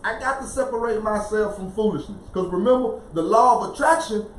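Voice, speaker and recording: A man in his forties, a podcast co-host in a casual spiritual discussion, animated and forever asking "you see?". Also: sits high, a little fast, reverberant, a little hiss or hum, rough recording. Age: 40s.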